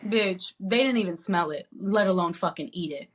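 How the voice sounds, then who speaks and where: A woman co-hosting a podcast, talking in a blunt, profane, animated rant. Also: on the low side, normal speed. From not from the American South. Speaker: podcast co-host. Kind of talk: casual chat.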